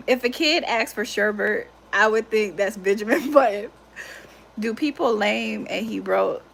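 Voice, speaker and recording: A woman's voice: a little high, gravelly, a bit bright. A young woman hosting a livestream, chatting casually and animatedly, laughing often and swearing freely. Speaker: livestream host.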